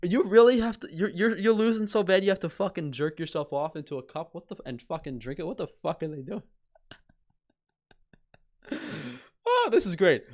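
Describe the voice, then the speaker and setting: A man's voice: high-pitched, lively intonation, normal speed, a little mellow. A young man streaming, ranting with scorn and heavy swearing as he reads headlines aloud. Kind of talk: casual ranting commentary.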